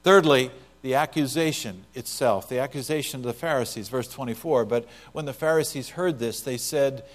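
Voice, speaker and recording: A man preaching a sermon, moving between loud emphatic passages and quiet, hushed lines. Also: medium pitch, moderate pace, few pauses. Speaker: pastor.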